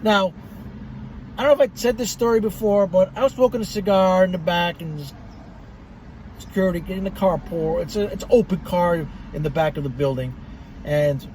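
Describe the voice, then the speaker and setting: A man's voice: sits high, normal speed, long pauses, darkish tone, slight background noise, poor audio. A middle-aged man reviewing cigars in a blunt, profane, rambling monologue.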